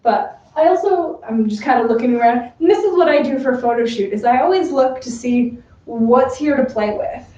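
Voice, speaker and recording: A woman's voice: high voice, normal speed, warm tone. A woman cosplay model chatting casually during a livestream photo shoot, giggly and full of fillers. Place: room with a bar. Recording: roomy, distant, dull livestream audio.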